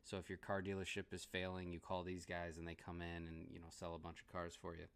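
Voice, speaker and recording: Low-ish voiced guy doing a chill movie review, rambles, laughs a lot, restarts stuff. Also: monotone, fast, clean tone.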